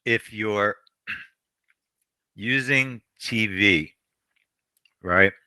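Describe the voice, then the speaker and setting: Male trading host, very low bright voice, unhurried, repeats himself, dry sound. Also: no room sound. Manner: rambling, repeats phrases, frequent throat clearing. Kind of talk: live trading commentary.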